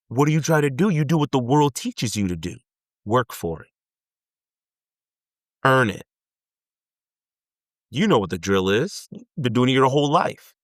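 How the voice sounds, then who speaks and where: A man's voice: lowish voice, no room sound, clean studio sound. A man giving an earnest motivational self-help talk, pleading and repeating points for emphasis.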